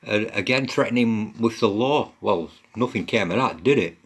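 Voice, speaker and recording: Deep-voiced sweary, mocking man. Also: lively intonation, moderate pace, slightly rough. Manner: blunt, mocking, heavy swearing. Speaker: commentator reading and mocking online posts. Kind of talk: casual sweary commentary.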